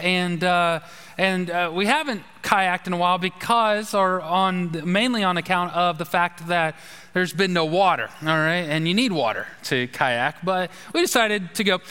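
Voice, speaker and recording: Male pastor, high bright voice, rambling storytelling sermon, reverb of a large church hall. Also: smooth. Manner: chatty, animated anecdote telling with fillers. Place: church sanctuary.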